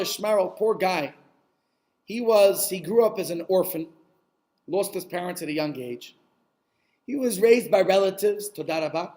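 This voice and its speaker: Animated male storyteller, high voice. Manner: animated, peppered with Yiddish words. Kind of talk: Hasidic story told aloud.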